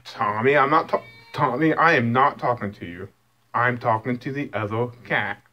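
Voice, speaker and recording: A man's voice: medium pitch, normal speed, pushed and bright, dull audio. Man scolding his cats, stammering. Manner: scolding, teasing, stammering restarts. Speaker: cat owner talking to his cats. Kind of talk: casual talk to pets.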